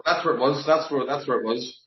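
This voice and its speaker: A softly spoken man with a Northern Irish accent answers questions in a plain, modest way. His voice sits at a middle pitch. The sound is roomy and echoey, with a dull, lo-fi quality. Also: fast talker. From Northern Ireland. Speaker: interview guest, armwrestler. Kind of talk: casual interview. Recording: echoey, muffled lo-fi audio.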